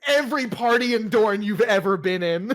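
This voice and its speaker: A man's voice: high voice, expressive, moderate pace, a bit bright. A man narrating a tabletop role-playing game as game master, rambling with many fillers and restarts.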